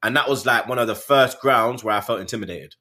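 A man hosting a casual football chat, animated and slangy, swearing freely. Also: mid-range voice, fast talker, a crowd in the background. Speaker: host.

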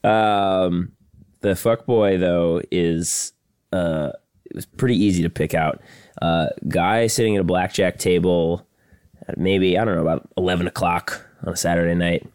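A man with a very deep voice hosts a podcast in loose, crude banter. He jokes and acts out other people's lines to mock them, and the sound is dry and close, with no room echo. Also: measured pace, smooth. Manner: crude, joking, animated retelling with mocking impressions. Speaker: podcast host. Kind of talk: casual chat.

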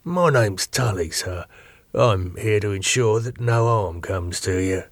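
A man voicing a polite, heavy-set male bodyguard in his late thirties who answers courteously and evasively, trailing soft on each "sir". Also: on the low side, lively intonation, a little slow, no room sound.

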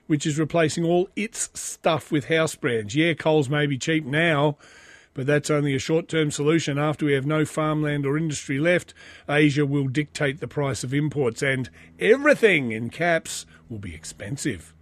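An Australian man hosts a podcast in loose, crude casual chat, reading comments aloud between asides. His voice sits a little high for a man. The recording is dry, with no room sound. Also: steady tone, normal speed, no echo. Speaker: podcast host.

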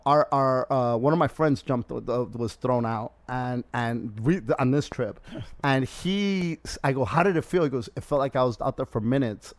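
A man's voice: medium pitch, dry recording. A man hosting a podcast, telling a story in casual chat, swearing constantly and acting out what people said. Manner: profane, animated storyteller, acts out quotes. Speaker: podcast host.

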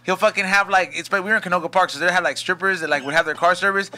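A man's voice: sits high, rapid-fire, pushed and bright. A man, telling a slangy, profane story on a podcast. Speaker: podcast co-host. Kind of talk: casual storytelling chat.

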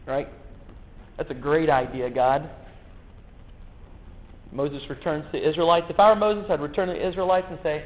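A man's voice: fairly high pitch, steady tone, moderate pace, long pauses. A man preaching a sermon in a folksy, joking way, full of rhetorical questions. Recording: echoey hall, tinny phone-like sound.

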